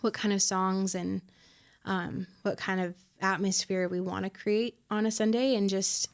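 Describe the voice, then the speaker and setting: A woman in her twenties, a worship pastor being interviewed on a podcast, talking in a reflective, soft-spoken way with many fillers. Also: mid-range voice, level tone, measured pace. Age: 20s.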